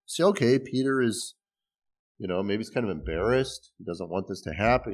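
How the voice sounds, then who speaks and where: A man's voice: on the low side, lively intonation, normal speed. A man preaching a sermon in a conversational way, explaining scripture with restarts and small laughs. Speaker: pastor.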